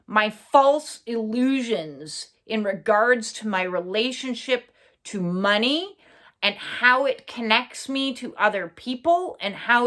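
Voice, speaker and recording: Slow, halting woman speaker. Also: mid-range voice, a bit bright. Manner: earnest, halting, many fillers and pauses; blunt, swears for emphasis. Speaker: spiritual channel host. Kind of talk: reflective personal monologue.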